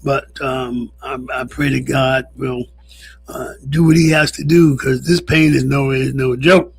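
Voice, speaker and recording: A man's voice: medium pitch, fairly even intonation, unhurried, vocal fry, slightly rough. A man co-hosting a casual radio chat show from a studio, telling stories with easy laughter. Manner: laughing storyteller. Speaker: co-host.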